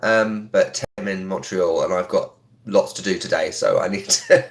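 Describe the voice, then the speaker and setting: A man hosting a casual live stream from home, talking quietly with a sore throat, greeting viewers with lots of ums. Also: low-pitched, fairly even intonation, normal speed. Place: indoors in a home.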